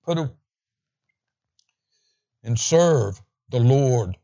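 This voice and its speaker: A man's voice: mid-range voice, lively intonation, warm tone. Man preaching emphatically, lo-fi. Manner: emphatic preaching, slows down to read scripture. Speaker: pastor. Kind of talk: sermon.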